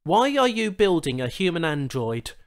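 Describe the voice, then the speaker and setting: A man's voice: on the high side, sing-song, normal speed, clean tone, voice pushed up. A man voicing a confused, irritable human trader who questions everything in agitation.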